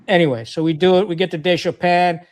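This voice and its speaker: A man's voice: high-pitched, steady tone, fast. A middle-aged man from Pakistan, a retired Marine officer, telling war stories as a podcast guest in a blunt, profane way, full of fillers and restarts. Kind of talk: war storytelling in casual conversation.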